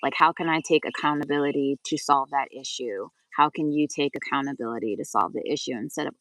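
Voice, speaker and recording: A woman's voice: rumbling low, fairly quick, hardly any pauses, a bit bright, no echo, far from the mic, poor audio. A woman co-hosting a casual spiritual conversation, talking in a loose, chatty way full of "like" and the odd swear word. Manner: chatty, lots of "like", swears for emphasis. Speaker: co-host.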